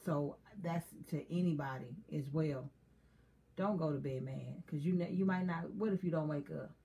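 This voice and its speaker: A woman's voice: low-pitched, normal speed, dark tone. A woman co-hosting a casual chat who talks candidly and confessionally and often laughs. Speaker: co-host.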